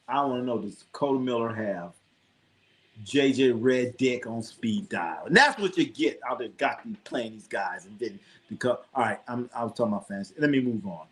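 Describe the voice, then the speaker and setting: A man hosts a live sports stream, rambling and casually swearing while reacting to scores, addressing his chat, and telling jokey anecdotes. His voice is medium-pitched and a bit bright.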